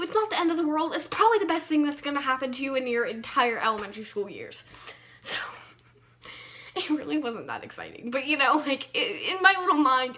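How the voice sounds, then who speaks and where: A woman's voice: sits high, bright, forceful tone. Chatty young woman telling a storytime. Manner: chatty, lots of fillers, playful emphasis. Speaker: vlogger. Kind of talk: casual storytime vlog.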